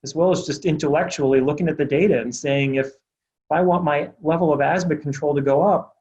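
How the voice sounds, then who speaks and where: A man's voice: a little high, fairly quick. Earnest man, slightly muffled call audio. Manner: earnest, steady storytelling. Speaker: pediatric doctor, healthcare executive. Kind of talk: interview answer, personal story.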